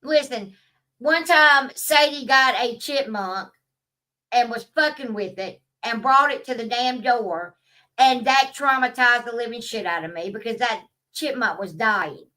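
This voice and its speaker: A vlogger rants casually and bluntly, swearing and laughing at her own stories. Her voice is a little high with a sharp tone, and she's far from the mic in a low-quality recording.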